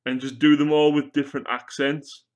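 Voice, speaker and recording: A man's voice: fairly high pitch, flat delivery, moderate pace. A young man, chatting casually and joking while he paints miniatures on a live stream. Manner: joking, rambling, swears casually.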